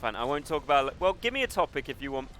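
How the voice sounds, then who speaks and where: A man's voice: medium pitch, very animated, quick pace, noisy background. A man streaming a shooter game, chatting in a rambling, musing way and muttering at the game between thoughts, with game music and gunfire behind him. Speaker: gaming streamer. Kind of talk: casual stream chat while gaming.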